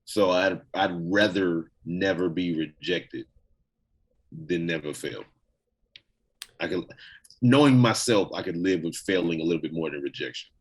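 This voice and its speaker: A man with a very deep voice and a husky, breathy grain, co-hosting a casual podcast. He is blunt and profane and reads out questions before answering them. His talk is plain and direct. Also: unhurried, long pauses, rough recording. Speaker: podcast co-host.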